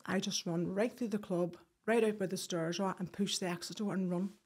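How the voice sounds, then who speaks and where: A woman speaks in a husky, breathy voice at a middle pitch. She recounts a painful memory in halting bursts, breaking off and restarting, and voices the people in her story. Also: fairly even intonation, darkish tone. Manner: halting, with restarts and quoted speech. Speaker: guest. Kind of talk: emotional personal account.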